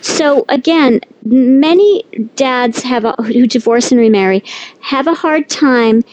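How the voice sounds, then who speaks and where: A woman's voice: high-pitched, slow pace, a little mellow, no room sound, poor audio. A middle-aged woman author talking candidly and with animation as a guest in an interview. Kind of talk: conversational interview.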